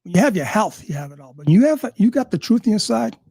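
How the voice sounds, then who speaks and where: A man's voice: high-pitched, very animated, quick pace, gravelly, darkish tone, husky, dry recording, studio quality. A man ranting angrily and sarcastically, swearing at almost every turn. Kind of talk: profane rant.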